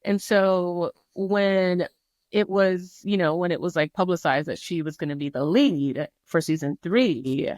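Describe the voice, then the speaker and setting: A woman's voice: on the low side, measured pace, a little mellow, dry recording. A woman talking as a podcast guest in casual chat, candid and chatty, cursing freely and circling back on herself. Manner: candid, chatty, swears freely, many fillers and restarts.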